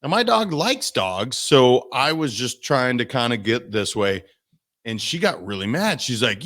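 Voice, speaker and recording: A man, a guest coach in a podcast interview, telling stories in an animated way and acting out the people he quotes. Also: medium pitch, moderate pace. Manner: animated storytelling, acts out voices in quotes. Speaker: guest, mindset and business coach.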